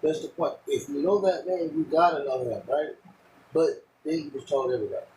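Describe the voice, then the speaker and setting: Male radio host, dark warm voice, lecturing tone, echoey room with faint hiss. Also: a little high, brisk. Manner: cautioning, lecturing. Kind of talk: casual chat.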